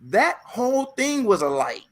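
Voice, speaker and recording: A man hosting a casual talk show, telling stories in an animated way, repeating phrases and acting out voices. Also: very high voice, normal speed. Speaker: podcast host. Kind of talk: casual chat.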